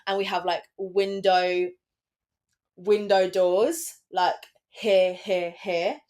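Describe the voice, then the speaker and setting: A woman's voice: mid-range voice, slow. A young woman from England, a podcast co-host, telling a story in casual chat, acting out quotes and saying "like" a lot. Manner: animated storyteller, acts out quotes, lots of "like".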